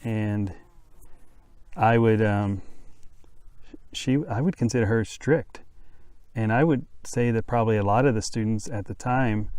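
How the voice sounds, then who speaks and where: A man's voice: on the low side, unhurried, long pauses, darkish tone, smooth, dry recording. A young man hosting a casual podcast chat, a former teacher who rambles, corrects himself and jokes as he goes. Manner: rambling, self-correcting, joking. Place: outdoors, windy. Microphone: podcast microphones.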